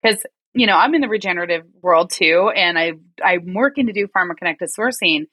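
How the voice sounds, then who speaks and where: A woman's voice: fairly low pitch, brisk, sharp tone, slightly rough, no room sound. A woman from rural Oregon hosting an interview, enthusiastic and effusive with frequent laughs. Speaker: interview host. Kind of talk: conversational interview.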